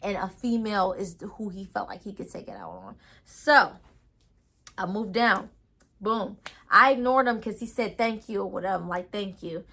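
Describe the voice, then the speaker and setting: A young adult woman telling a casual storytime vlog in an animated, ranting way with lots of slang. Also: medium pitch, normal speed. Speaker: storytime vlogger.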